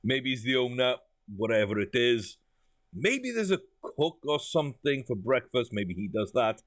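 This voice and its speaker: A man giving a casual first-look commentary on a game, chatty and amused, thinking out loud. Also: medium pitch, big pitch swings, normal speed, dry recording. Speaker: gaming YouTuber.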